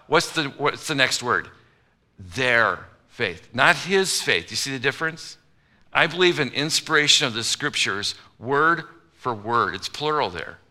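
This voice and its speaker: Male pastor, casual humorous sermon delivery, very bright ringing tone. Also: mid-range voice. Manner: conversational, humorous, acts out quoted voices. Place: church auditorium.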